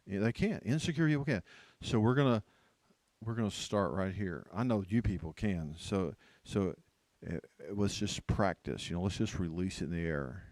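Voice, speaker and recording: A man's voice: deep voice, animated, moderate pace, darkish tone, no room sound. A man in his fifties, a pastor, giving a humorous sermon and acting out voices, repeating phrases for effect. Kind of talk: humorous sermon to a church leadership team. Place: church.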